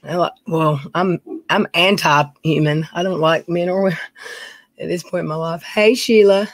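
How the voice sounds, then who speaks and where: A middle-aged woman with a fairly low-pitched, steady voice chats casually at a moderate pace on a home live stream. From a dim room at home, she reads out viewer names and talks in a folksy way, with no room sound.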